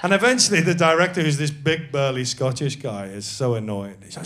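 A man's voice: mid-range voice, brisk, fairly bright tone. A man telling a self-deprecating story as a guest on a live comedy podcast, laughing often. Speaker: actor guest.

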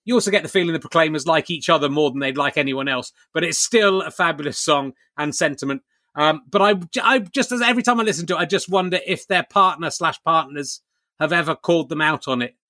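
A man hosts his podcast from home with a bright, forward voice pitched a touch high. The sound is close and dry, with no room around it. He talks in a wry, self-mocking way and keeps wandering into comic asides. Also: fast, no room sound. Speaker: podcast host. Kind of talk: chatty comic monologue and interview. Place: at home during lockdown.

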